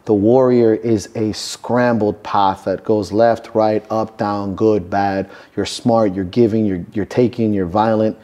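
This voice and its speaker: A man's voice: on the low side, steady tone, a little slow, few pauses, dark tone. A man coaching strongmen, talking earnestly about purpose and legacy in a podcast interview, swearing now and then for emphasis. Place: gym.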